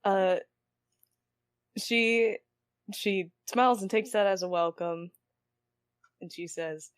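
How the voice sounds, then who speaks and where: A woman playing a tabletop game, casual and halting as she describes her character's actions. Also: medium pitch, smooth, no room sound, studio quality. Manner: hesitant, halting. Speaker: player.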